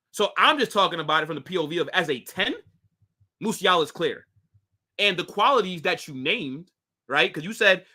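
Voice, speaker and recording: Young man, American accent, stream host, laid-back slang, tense and bright tone, a bit high. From United States. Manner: casual slangy talk full of "bro", "like" and "right?". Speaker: football channel host. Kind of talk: casual live-stream chat reading viewer comments.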